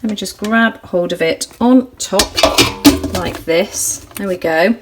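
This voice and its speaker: A woman narrating a craft project in her home kitchen, chatty and full of ums, gushing with excitement as she works. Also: medium pitch, slow, over loud music, low-quality recording. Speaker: crafts vlogger. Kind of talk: casual how-to narration.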